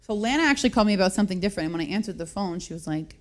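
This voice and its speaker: A woman's voice: mid-range voice, expressive, rapid-fire. A woman in her thirties hosting a radio show, telling a long story in a chatty, self-mocking way and laughing often. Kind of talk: casual radio chat, storytelling.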